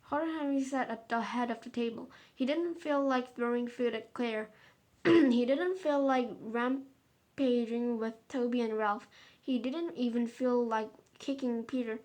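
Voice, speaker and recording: A woman's voice: on the high side, measured pace, a little mellow. A woman reading a children's story aloud carefully, with small stumbles and restarts.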